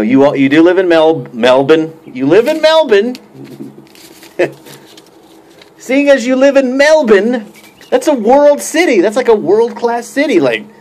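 A man talking casually to camera in a joking mock roast, rambling with many fillers and restarts. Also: medium pitch. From United States. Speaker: YouTube pipe-smoking vlogger.

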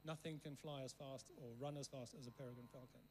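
A man's voice: mid-range voice, steady tone, fast talker, slight background noise, poor audio. A man who grew up in Africa and learned English as a second language, preaching as a guest speaker through long rambling stories, often checking in with the listeners. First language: not English. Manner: rambling anecdotes, keeps checking in with the room. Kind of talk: storytelling sermon.

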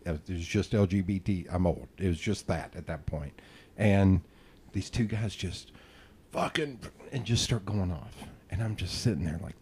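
A man's voice: deep voice, moderate pace, darkish tone, breathy edge. A man hosting a podcast, telling rambling, self-deprecating stories in casual chat and swearing freely. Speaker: podcast host.

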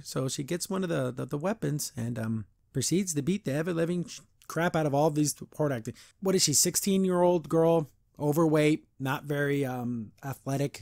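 Male podcast host, higher voice, dry close sound, sarcastic ranting recap. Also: no room sound. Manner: exasperated, sarcastic, laughs often, mimics characters in mocking voices. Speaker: podcast host reviewing a cartoon episode. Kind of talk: casual recap and rant.

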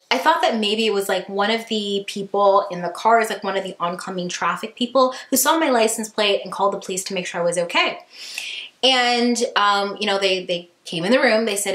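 A woman vlogger telling a dramatic story in an animated way, indoors at home. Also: mid-range voice, normal speed, reverberant. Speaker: beauty vlogger. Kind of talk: storytime vlog.

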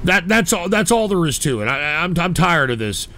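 A man hosting a comedic call-in show, swearing, shouting and ranting in exasperation at his callers. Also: on the high side, sing-song, moderate pace.

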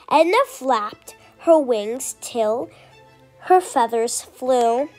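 A high-voiced woman reads a children's book aloud. She reads slowly and expressively, pausing between phrases. Soft music plays faintly underneath. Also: expressive. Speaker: storyteller.

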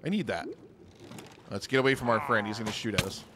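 Excitable man narrating his gameplay. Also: fairly low pitch, fast talker, background noise. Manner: excitable, chatty, laughs at himself. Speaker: gaming channel host. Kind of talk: casual let's-play commentary.

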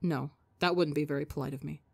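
A woman's voice: low voice, steady tone, quick pace, vocal fry, darkish tone, husky, dry recording, heavily acted. A woman voicing a politely formal young man who is a guest, in a storybook reading. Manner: courteous, formal.

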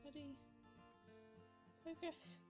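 A woman's voice: high voice, level tone, extremely slow, over music. A young Welsh woman chatting casually to camera about her makeup, rambling and giggling, a little out of breath. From Wales. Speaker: beauty vlogger.

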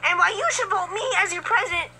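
A woman's voice: very high-pitched, fast, slight background noise, exaggerated voice. A woman voicing Luigi as a plush puppet vlog character running for president, rambling and bossy. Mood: speechifying. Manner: bossy and rambling, yelling for quiet. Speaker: vlog character giving a campaign speech.

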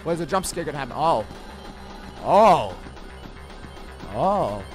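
A man hosting a let's-play reaction, jokey and excitable, breaking into shouts. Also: a little high, a little slow, soft background music. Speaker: gaming channel host.

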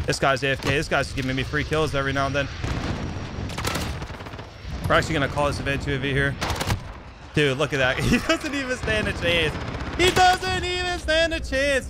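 A young man calls his own match with hyped, boastful energy, sitting a little higher in pitch than most men. He repeats short phrases over and over. Loud gunfire and explosions from the game run under his voice. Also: heavy background noise. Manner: hyped, trash-talking, repeats himself. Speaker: gaming YouTuber. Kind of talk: live gameplay commentary.

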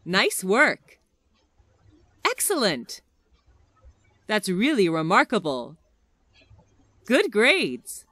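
A woman reading short everyday English phrases one by one for listening practice, with careful, expressive enunciation. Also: mid-range voice, drawn-out words, long pauses, no room sound.

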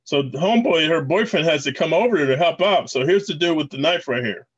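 Guy rambling to his viewers about clips, kinda high voice, muffled lo-fi audio. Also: animated, fairly quick, breathy edge. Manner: rambling, addresses viewers as guys. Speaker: channel host. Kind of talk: casual commentary over clips.

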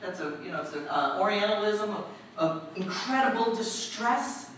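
A woman preacher giving a lively storytelling sermon, asking the congregation questions as she goes. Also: medium pitch, moderate pace. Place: church. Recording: echoey hall, distant mic, faint noise.

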